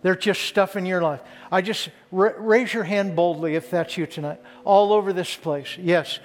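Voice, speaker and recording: A man's voice: sits high, fairly even intonation, moderate pace. An older man preaching a sermon to a congregation, earnest and building to fervent emphasis on key lines. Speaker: pastor.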